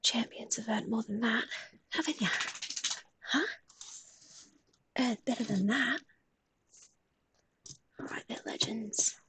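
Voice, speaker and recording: A woman's voice: a little high, slow pace, pauses often, a bit bright, a little hiss or hum. A young adult woman with an Australian accent, chatting casually and affectionately on a live stream, swearing now and then and often dropping to a half-whisper.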